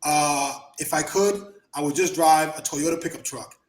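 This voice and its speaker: A man hosting a casual podcast chat, an animated storyteller who swears freely and laughs often. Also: on the high side, normal speed, echoey room. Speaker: podcast host, former wrestler.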